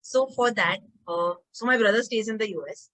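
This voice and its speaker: A woman with an Indian accent appears as a guest on a podcast, offering frank opinions in a casual interview chat. Her voice is medium-pitched and a bit bright, at a moderate pace. The recording is rough.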